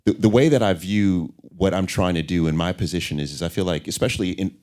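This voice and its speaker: Deep-voiced man telling stories. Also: fast talker. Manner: animated storyteller, acts out voices in anecdotes. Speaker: interview guest. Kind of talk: candid conversational interview.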